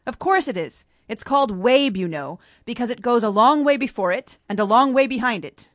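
A woman's voice: fairly high pitch, animated, moderate pace, no room sound, studio quality, voice pushed up, lightly acted. A woman voicing Humpty Dumpty, a pompous egg-shaped storybook man, speaking emphatically. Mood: know-it-all.

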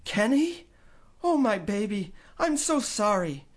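A man's voice: sits high, sing-song, slow pace, pitched above the performer's own voice, full character voice. A man reading a storybook voicing a loving mother who is leaving home, tender and pleading. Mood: apologetic.

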